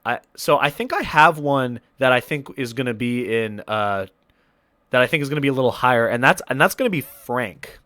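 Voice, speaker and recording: A man's voice: mid-range voice, expressive, brisk, pushed and bright, no room sound, studio quality. A man hosting a podcast, telling a rambling story in casual chat. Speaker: podcast host.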